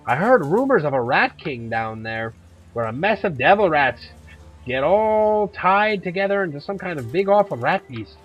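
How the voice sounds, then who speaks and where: Man doing a blunt, gruff Irish huntress, husky and higher than his own voice, swinging lively up and down, faint game music underneath. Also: normal speed, highs cut off. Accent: put-on Irish, drifting toward Scottish. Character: tough middle-aged Irish woman, blunt monster hunter.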